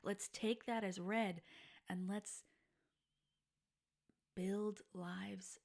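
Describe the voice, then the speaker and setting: A woman in her forties hosting a podcast, telling personal stories in a candid, reflective monologue that sometimes drops to a soft, breathy near-whisper. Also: medium pitch, fairly even intonation, very slow. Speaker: podcast host.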